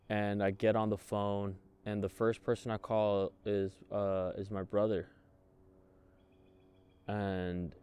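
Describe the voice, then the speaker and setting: A man, a guest in an interview, telling his own story in a raw, emotional way, swearing freely and halting often. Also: lowish voice, a little mellow, clear, resonant tone. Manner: halting, many fillers and restarts. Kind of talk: candid personal storytelling.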